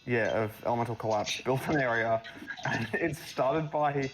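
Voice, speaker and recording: A man's voice: medium pitch, normal speed, poor audio. Rambling man chatting on a voice call. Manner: rambling, filler-heavy storytelling. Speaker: map builder guiding a playthrough. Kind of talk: casual gaming chat.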